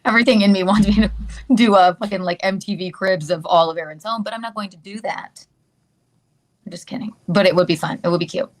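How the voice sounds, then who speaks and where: A woman's voice: medium pitch, fast. A woman chatting casually on a livestream, cooing at a dog and thanking viewers. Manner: cooing, giggly, talks to a dog. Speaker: guest in a played livestream clip.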